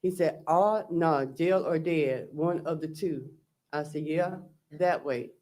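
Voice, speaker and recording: A man's voice: on the high side, takes it slowly, darkish tone. A man testifying as a trial witness, recounting text messages and quoting what was said. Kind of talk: courtroom testimony.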